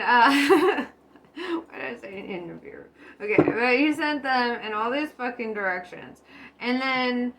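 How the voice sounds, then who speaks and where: A woman's voice: on the high side, fairly bright tone. A woman vlogging in a rambling, casual monologue, giggling often, swearing and losing her train of thought. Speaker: spiritual vlogger.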